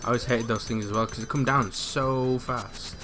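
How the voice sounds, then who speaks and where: A man's voice: medium pitch, steady tone, normal speed, over music. A young man with a casual, self-mocking manner, rambling and restarting sentences as he comments on a game over a voice call. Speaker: let's play commentator. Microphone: headset on a voice call.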